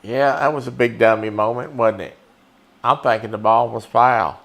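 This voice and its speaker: A man's voice: mid-range voice, normal speed, vocal fry, fairly bright tone. A man giving casual, folksy live-stream commentary while playing a baseball video game and chatting with viewers. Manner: folksy, chatty, talks to the chat.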